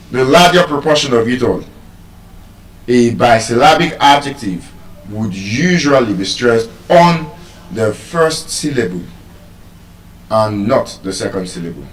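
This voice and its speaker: A man lecturing on word stress at a slow, measured pace, pausing between phrases and repeating key words. His voice rings in a roomy, echoing space and sounds a little removed from the microphone. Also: medium pitch. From Nigeria. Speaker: teacher giving a pronunciation lecture. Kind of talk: classroom lecture, explaining and spelling out words. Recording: roomy echo, voice from a distance.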